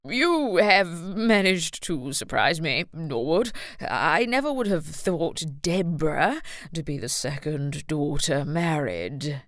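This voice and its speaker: A woman voicing a tipsy, rude older uncle who slurs his words slowly and loudly in an audiobook. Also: low voice, no echo, clean studio sound. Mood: mocking. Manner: slurred, slow, loud and mocking. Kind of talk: audiobook narration.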